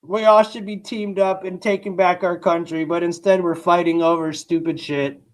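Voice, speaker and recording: A man's voice: high-pitched, little pitch movement, normal speed. A man hosting a live stream, talking casually and bluntly to his chat in rambling, profane rants. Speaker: livestream host reacting to news.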